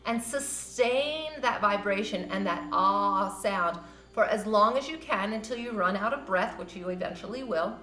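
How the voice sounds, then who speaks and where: A woman teaching a yoga class, guiding breathing and stretches in a gentle, encouraging, loosely conversational way. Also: mid-range voice, normal speed. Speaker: yoga instructor. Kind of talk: guided yoga class instruction. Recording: roomy with soft music behind.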